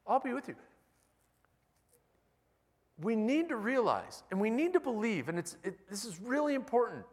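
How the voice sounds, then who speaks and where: A man's voice: sits high, very animated, brisk, slightly rough. A male pastor giving a conversational sermon with wry, self-deprecating humor. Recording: long reverb of a large hall.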